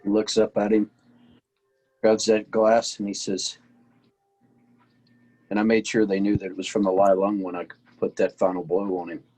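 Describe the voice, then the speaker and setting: A man's voice: lowish voice, level tone, normal speed, pauses often, darkish tone, husky, soft background music, poor audio. A man playing a tabletop role-playing game, narrating his character's actions in the third person. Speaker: player.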